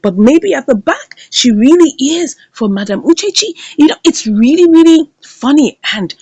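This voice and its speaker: A woman's voice: high voice, expressive, moderate pace, mellow, no room sound, muffled recording. A woman giving recap commentary on a series, retelling scenes dramatically and acting out the characters' lines. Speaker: series reviewer.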